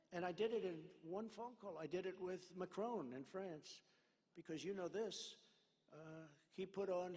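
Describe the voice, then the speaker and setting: Gravelly man giving a rally speech. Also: fairly high pitch, darkish tone. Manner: rambling storytelling that acts out dialogue. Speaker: political speaker at a rally. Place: large indoor arena. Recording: long arena reverb.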